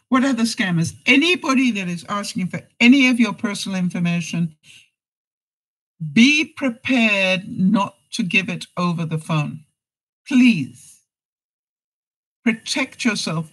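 A woman's voice: mid-range voice, expressive, measured pace, rough recording. Chatty woman vlogger giving life advice. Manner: chatty storyteller who acts out phone conversations and laughs between points. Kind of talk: casual direct-to-camera chat.

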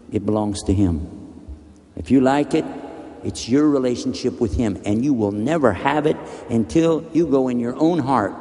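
A man's voice: medium pitch, warm tone, big-room sound. A man preaching a sermon in a direct, earnest way, speaking straight to his audience. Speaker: religious speaker.

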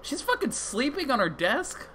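A man chatting through a video game playthrough with a bright, sharp edge to his voice. His pitch bounces around a lot as he jokes and swears, often tripping over his own sentences. A faint hum sits underneath. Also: huge pitch swings, normal speed. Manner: joking, swears often, many restarts. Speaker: gamer playing through a game. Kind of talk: casual let's-play commentary.

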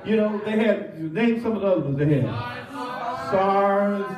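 A male pastor delivering a call-and-response sermon. His voice sits fairly high and comes from a little distance. It rings through an echoey church sanctuary. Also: measured pace, highs cut off, a crowd in the background. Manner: preaching, leads the congregation in repeating phrases.

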